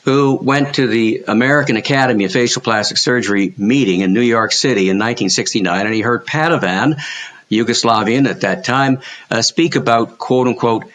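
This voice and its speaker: A man's voice: mid-range voice, fairly quick, a bit bright. An older man, a surgeon, speaking reflectively as a podcast guest over a call, with many restarts. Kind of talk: podcast interview. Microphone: video call.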